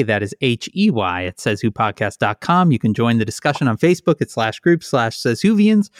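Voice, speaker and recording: A man's voice: mid-range voice, no room sound, studio quality. Wry, easygoing male podcast co-host. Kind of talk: casual chat and show credits. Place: home basement.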